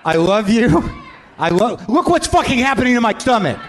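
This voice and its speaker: Very animated and very high-voiced, the man talks at a normal speed. He's hosting a comedy podcast live in front of a crowd, delivering a swearing, self-mocking rant as a stand-up monologue.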